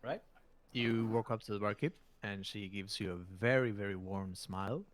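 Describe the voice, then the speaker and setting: A man's voice: on the low side, moderate pace, background noise. A man acting as game master, narrating a tabletop game in a loose, rambling way.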